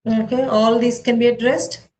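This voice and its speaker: A woman teaching an online math class, brisk and directive, checking on her students as she goes. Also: fairly high pitch, level tone, a little mellow, rough recording.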